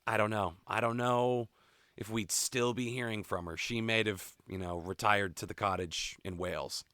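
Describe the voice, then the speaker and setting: A man co-hosting a music podcast, his lowish voice bright and forward. He talks candidly and swears freely in relaxed chat. The sound is dry and close. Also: normal speed, no echo. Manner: candid, profane, animated opinions. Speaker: podcast co-host. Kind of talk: casual chat.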